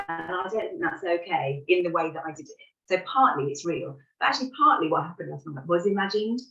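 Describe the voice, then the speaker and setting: A woman's voice: deep voice, a bit bright. A woman, candidly talking through a parenting moment and laughing at herself along the way. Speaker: parent sharing an example. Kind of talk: reflective conversational talk. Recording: roomy, distant, dull sound.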